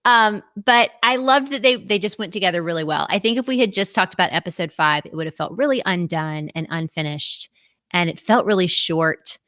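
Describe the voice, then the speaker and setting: A woman's voice: fairly low pitch, brisk, a bit bright, no room sound, clean studio sound. Bubbly woman hosting a chatty live stream. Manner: bubbly, chatty, laughs often. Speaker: host. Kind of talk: casual live-stream chat.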